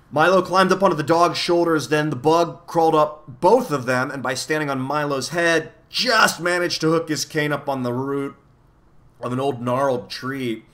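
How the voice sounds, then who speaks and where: Bright-voiced man reading a storybook. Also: mid-range voice, moderate pace. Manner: expressive storytelling. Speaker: reader. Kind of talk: reading a children's novel aloud.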